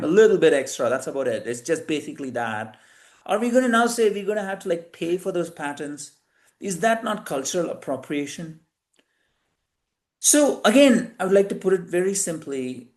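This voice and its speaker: A man's voice: on the high side, darkish tone. A man giving a lecture-style talk, earnest, with frequent fillers and self-corrections. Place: venue of a talk series.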